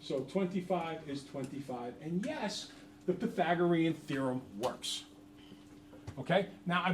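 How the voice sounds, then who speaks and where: A man's voice: a little high, a little mellow. A middle-aged man teaching a math class, chatty and jokey, quizzing the students. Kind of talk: classroom lesson. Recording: roomy, from far off.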